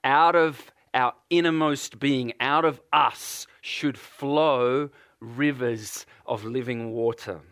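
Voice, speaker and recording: A man's voice: medium pitch, slow pace, few pauses, fairly bright tone, clear, resonant tone, no echo, clean studio sound. A man from Australia with an Australian accent, preaching a sermon and putting earnest repeated questions to a congregation.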